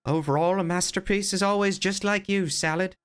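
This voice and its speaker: A man's voice: sits high, fairly quick, clean tone. A man chatting casually on a live stream, reading chat and teasing viewers in a playful, rambling way.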